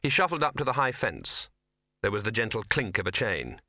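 A man reading a comic fantasy novel aloud as an audiobook narrator, measured and wry. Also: lowish voice, big pitch swings, sharp tone, no room sound, studio quality. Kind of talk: scripted narration.

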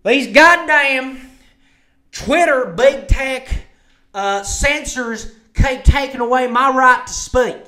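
A man putting on a mocking voice as a brash woman politician who spouts misinformation, in a loud, twangy drawl. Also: very high-pitched, takes it slowly, pitched above the performer's own voice, heavily acted.

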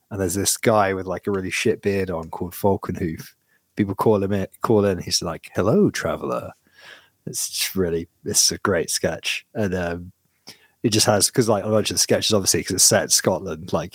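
A man's voice: on the low side, no echo, clean studio sound. A man co-hosting a podcast in casual chat, rambling and self-interrupting, laughing often. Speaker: podcast co-host.

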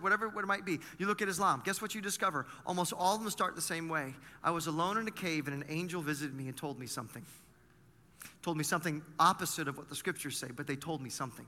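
A male pastor delivers a sermon in a high, very bright, forceful voice. He preaches conversationally, throwing rhetorical questions at his listeners. His voice rings with the long reverb of a large church hall.

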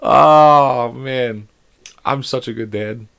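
A man in his thirties tells stories on a casual podcast. He is animated and curses often. His voice is bright and forceful. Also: mid-range voice, slow, gravelly, smooth. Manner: animated storytelling, swears a lot. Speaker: podcast host.

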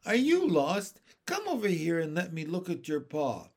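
A man reading the part of a kind, capable older sister, a girl who speaks gently and motherly. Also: a little high, wildly swooping pitch, moderate pace, full character voice. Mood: gentle.

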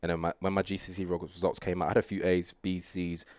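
A young man who's a sprinter appears as a guest in a casual interview chat, relaxed and rambling, with plenty of fillers and laughs. His voice sits low and he talks fast, captured in studio-quality audio with no echo.

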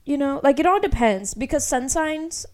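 A woman's voice: high-pitched, lively intonation, normal speed. Chatty young woman, filler-heavy. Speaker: podcast co-host. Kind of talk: casual chat, reading an astrology chart aloud.

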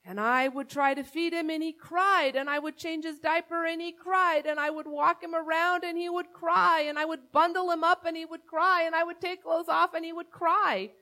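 A woman pastor delivers a sermon with a bright, high voice. She speaks in a conversational, earnest way, weaving a personal story into her preaching. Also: level tone, normal speed, few pauses.

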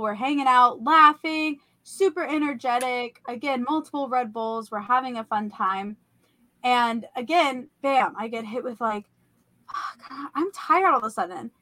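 A young woman hosting a podcast, telling about a vivid dream in a casual, animated way full of "like" and fillers. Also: on the high side, dry recording. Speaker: podcast host. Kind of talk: casual storytelling.

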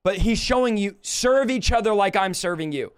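A man preaching a livestreamed sermon, emphatic and impassioned, slowing down to draw out scripture quotes and rising sharply when he rebukes. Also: high-pitched, expressive, smooth. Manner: slows to drawn-out delivery when quoting scripture.

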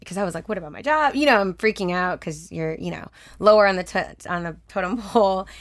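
A young woman from Texas talking casually as an interview guest, telling personal stories in a chatty, animated way, laughing often and acting out what people said. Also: on the low side, brisk, no echo, clean studio sound. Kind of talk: casual conversational storytelling.

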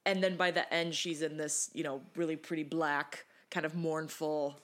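A woman's voice: sits low, flat delivery, moderate pace, a bit bright. A woman co-hosting a film podcast, giving thoughtful analysis in a casual chat. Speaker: podcast co-host.

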